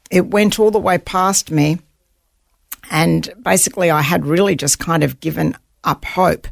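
Woman with a gravelly voice recounting survival. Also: low-pitched, dry recording, studio quality. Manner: vivid, earnest storytelling with quoted inner thoughts. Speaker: guest, author recounting survival at sea. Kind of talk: storytelling interview.

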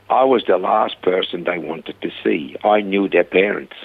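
A man guest telling lively stories about his ministry, acting out the people he quotes, heard over a phone line. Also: sits low, normal speed, vocal fry, few pauses, slightly rough, no echo. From Australia. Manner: animated storyteller, acts out quoted voices. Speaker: guest, rehab ministry founder. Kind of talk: conversational storytelling interview. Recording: dry phone-line sound.

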